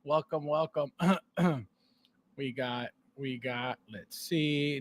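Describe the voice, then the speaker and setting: A man's voice: medium pitch, steady tone, extremely slow. A man hosting a casual livestream, greeting viewers by name and laughing often. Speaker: podcast host.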